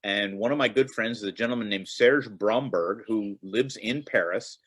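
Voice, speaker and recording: A man giving a relaxed, chatty talk on a video call, telling stories with many fillers and restarts. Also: lowish voice, moderate pace, husky. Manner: conversational storytelling with fillers and restarts. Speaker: guest presenter on film preservation. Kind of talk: casual virtual presentation. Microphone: computer mic on video call.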